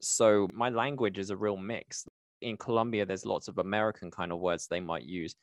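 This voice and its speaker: Low-voiced man, casual. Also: fairly even intonation, moderate pace, no room sound, clean studio sound. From United Kingdom. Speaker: podcast co-host, pitch team member. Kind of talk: casual podcast chat.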